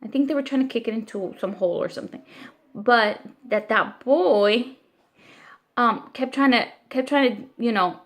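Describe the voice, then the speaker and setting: A woman in her thirties telling a long story about her son, retelling what people said in an animated, upset way with many restarts. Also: on the high side, moderate pace. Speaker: vlogger, mother. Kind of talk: casual storytelling vent.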